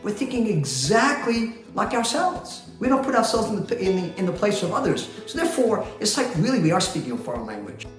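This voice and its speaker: A company president with a high, very animated voice talks a little fast and with few pauses. In an explainer talk to camera he breaks things down in a chatty style, throwing in rhetorical questions and laughing often. The room is very echoey, with faint music in the background.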